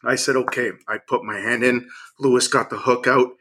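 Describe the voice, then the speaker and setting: A middle-aged man, a chef and angler, telling a story with energy and acting out what people said in lively bursts. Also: medium pitch, moderate pace. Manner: acts out quotes in lively bursts. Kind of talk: animated storytelling.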